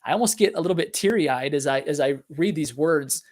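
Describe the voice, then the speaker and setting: A man's voice: on the high side, fairly quick, a little mellow. A middle-aged man hosting a business podcast, talking in an earnest, confessional way with many fillers and restarts. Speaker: podcast host. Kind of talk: motivational business talk.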